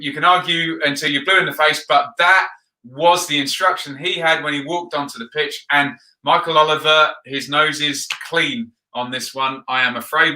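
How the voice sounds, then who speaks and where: A man's voice: mid-range voice, bright, forceful tone. A man hosting a football video, chatting casually and rambling with frequent ums while he reads out viewer comments. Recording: roomy echo.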